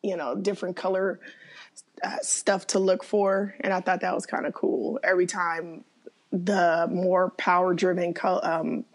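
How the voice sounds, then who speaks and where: A woman chatting casually, an animated storyteller who acts out the people in her stories. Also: measured pace. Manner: animated storyteller, acts out quoted voices with big pitch jumps. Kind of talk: casual chat.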